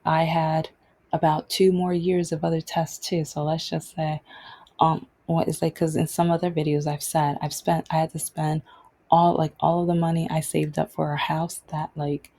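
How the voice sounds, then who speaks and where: A woman's voice: low voice, gravelly, warm tone. A woman hosting her own vlog, telling a personal story in a casual, rambling way with many restarts. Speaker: vlog host.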